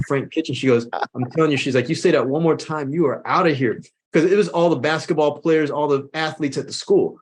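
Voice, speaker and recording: A motivational speaker with a fairly high male voice, invited as a podcast guest. He talks emphatically and repeats his key lines so listeners can take them in. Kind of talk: casual interview chat.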